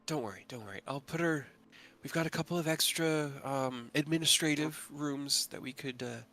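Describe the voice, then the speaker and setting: A woman's voice: low-pitched, very animated, moderate pace, fairly bright tone, voice pushed up, heavily acted. Young female guildmaster, hesitant and earnest, voiced by a male game master. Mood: reassuring. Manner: hesitant, stammering.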